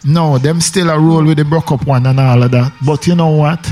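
A man's voice: a little high, steady tone, normal speed, warm tone. Talkative Jamaican man on radio. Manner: rambling, emphatic, with repetitions. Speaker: radio host. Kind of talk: casual radio chat.

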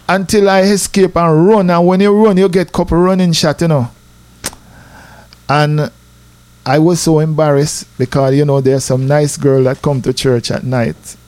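Jamaican man, casual storytelling, somewhat high voice, dry close sound, animated. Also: normal speed, no room sound. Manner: animated, repeats "you know", rises in pitch for drama.

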